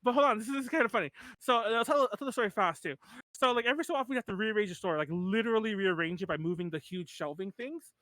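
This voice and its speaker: A man's voice: high-pitched, quick pace, bright, forceful tone, no room sound. A man in his thirties hosting a podcast in casual chat, rambling with lots of "like" and restarts and laughing often. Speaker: podcast host.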